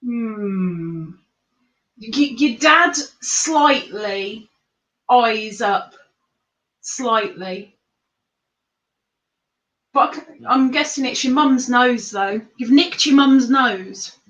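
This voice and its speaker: A woman's voice: on the high side, animated, extremely slow, pauses often, fairly bright tone, highs cut off. A woman hosting a casual live chat, quizzing her viewers in a chatty, giggly way. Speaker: host. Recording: echoey room.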